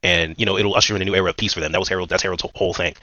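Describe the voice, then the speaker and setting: A man's voice: low voice, steady tone, racing, sharp tone, dry recording, muffled recording. A man giving a casual, rambling recap of a manga chapter, full of fillers and slang. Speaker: manga commentator.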